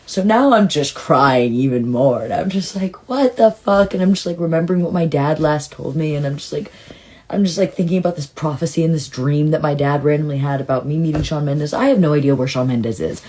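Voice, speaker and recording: A woman with a low, husky voice tells a personal story in a casual monologue. She rambles and circles back, leaning on "like" as she goes. At times she leaps into a bright, excited retelling. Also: fairly quick. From Southern California. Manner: rambling and emotional, heavy use of "like"; swings into excited, high-pitched retelling. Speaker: storytime vlogger.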